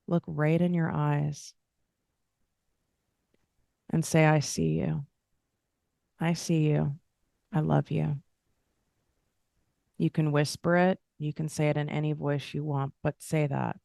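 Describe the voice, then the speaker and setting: Smooth, earnest motivational woman coach. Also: low-pitched, a little mellow, no room sound, clean studio sound. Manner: earnest, repetitive affirming cadence. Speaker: host and money coach. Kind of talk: motivational self-help talk.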